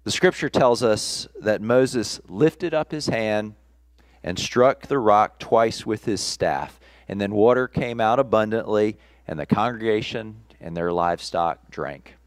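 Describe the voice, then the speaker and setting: A man preaching a sermon at a streamed church service, slow and deliberate with measured pauses. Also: fairly low pitch, no room sound. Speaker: pastor.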